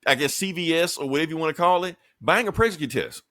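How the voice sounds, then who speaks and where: A man's voice: fairly high pitch, lively intonation, quick pace, sharp tone, dry recording, studio quality. A man co-hosting a podcast, recapping comic books in a laid-back, profane, joking way. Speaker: podcast co-host. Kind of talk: casual comic book chat.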